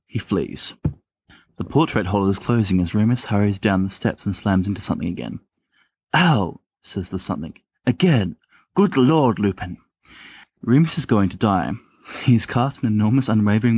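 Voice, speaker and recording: A man reads a story aloud in a plain, steady way, stumbling now and then. His voice is low and husky. It is recorded close and dry, as an amateur audiobook. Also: a little fast, dry recording. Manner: plain narration with small restarts. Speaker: podfic reader.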